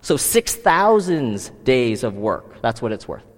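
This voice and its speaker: A man's voice: mid-range voice, very animated, slow pace, in a large hall. A man preaching a sermon, asking the listeners many rhetorical questions. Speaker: pastor.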